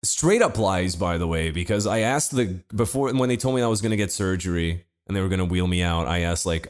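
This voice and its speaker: A man with a very low voice tells a long personal story in a relaxed podcast chat. He keeps it laid-back, swears freely and acts out what other people said. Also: brisk, few pauses. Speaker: podcast co-host telling a story.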